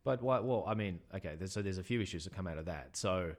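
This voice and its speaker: A man from Australia with a very low voice chats on a book podcast. He runs a bookshop and probes his co-host with questions, pausing on fillers. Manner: questioning, debating, hesitant with fillers. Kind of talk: casual chat.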